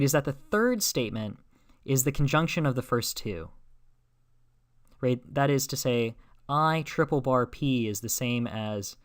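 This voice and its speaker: A man giving a logic lecture. He works through each step slowly and keeps checking in with the class. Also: medium pitch. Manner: explains step by step, with many "right?" checks and fillers.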